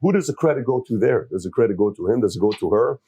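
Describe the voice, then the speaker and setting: Brief: male host, warm dark tone, slightly husky, dry close sound, thoughtful questions. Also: on the low side, lively intonation, quick pace, no room sound. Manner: reflective, questioning. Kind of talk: casual podcast chat.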